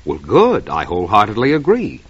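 A male radio announcer delivering a hearty, salesy promotional pitch. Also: huge pitch swings, a little fast, husky. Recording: lo-fi old radio recording.

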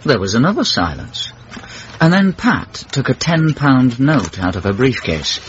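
A man's voice: medium pitch, sing-song, a little slow, a little hiss or hum. A man narrating a radio comedy drama in a dry, wry storytelling manner. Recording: muffled old radio.

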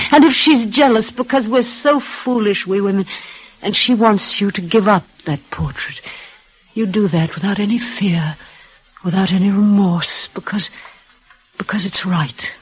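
A woman's voice: medium pitch, breathy edge. A dying young woman, breathless. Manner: breathless, emotional, halting repetitions. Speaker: leading lady in a radio play. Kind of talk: 1940s radio acting. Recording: dull lo-fi old radio recording.

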